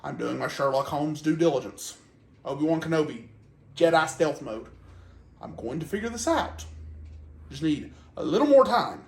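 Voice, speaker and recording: A man's voice: fairly high pitch, animated, moderate pace, gravelly, reverberant. A man in a comedy sketch, flustered and exasperated, protesting in short bursts.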